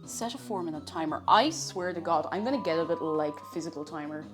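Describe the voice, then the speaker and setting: A woman's voice: low-pitched, lively intonation, quick pace. A woman live-streaming from her home kitchen, chatting casually as she cooks and reading chat messages aloud. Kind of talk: casual chat while cooking. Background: faint music.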